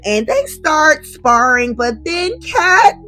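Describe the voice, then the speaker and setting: A woman recapping a daytime soap in a casual, gossipy vlog, full of excited asides. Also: high-pitched, slow pace. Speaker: soap opera recap host.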